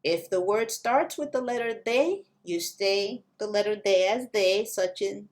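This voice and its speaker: A woman teaching Spanish pronunciation, slowly modeling words for learners to repeat. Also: mid-range voice. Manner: slow, careful modeling of pronunciation. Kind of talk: language lesson.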